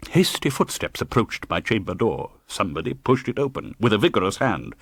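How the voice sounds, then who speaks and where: A man's voice: on the low side, slightly rough, no room sound. A man reading an audiobook in a dramatic, tense manner, close to the microphone. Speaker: audiobook narrator. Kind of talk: scripted audiobook narration.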